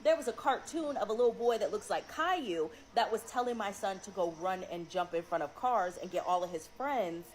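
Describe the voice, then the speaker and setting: A woman's voice: medium pitch, animated, brisk, hardly any pauses, slight background noise, low-quality recording. A mother telling a story to camera in casual speech, urgent and emphatic, acting out what her child said.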